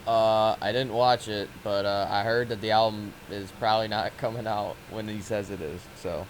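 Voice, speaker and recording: Male co-host, lowish voice, laid-back and casual, swears freely. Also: steady tone, moderate pace, a little hiss or hum. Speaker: podcast co-host. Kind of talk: casual podcast chat.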